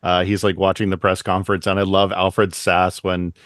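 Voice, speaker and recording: Low-voiced man chatting about a movie. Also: fairly quick, dry recording, clean studio sound. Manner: animated, acts out quotes in funny voices. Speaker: podcast co-host. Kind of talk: casual movie discussion.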